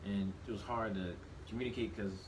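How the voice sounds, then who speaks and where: A man in his thirties with a low, grounded voice talks through his thoughts in a shop, circling back and restarting sentences as he goes. A steady background noise sits under everything he says. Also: brisk, low-quality recording. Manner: reflective, restarts often, animated when quoting himself. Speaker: podcast co-host. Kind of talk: casual conversation.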